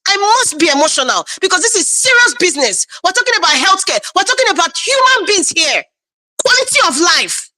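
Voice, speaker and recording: A Nigerian woman giving emotional, forceful political commentary, full of rhetorical questions and repetition. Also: very high voice, sing-song, brisk, no echo. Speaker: panel commentator.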